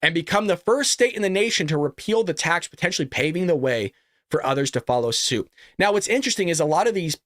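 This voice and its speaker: A man's voice: a little high, expressive, fast talker, no echo, studio quality. A man hosting his own political commentary show, reading an ad and then ranting in a heated way with lots of rhetorical questions. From California. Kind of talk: casual political commentary and ad read.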